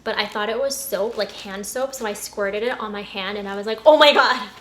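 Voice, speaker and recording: A woman's voice: mid-range voice, fairly even intonation, a little fast, fairly bright tone. A young woman in her twenties chatting casually while unboxing beauty products, gushing and giggling as she goes. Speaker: beauty vlogger. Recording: echoey room with noticeable noise.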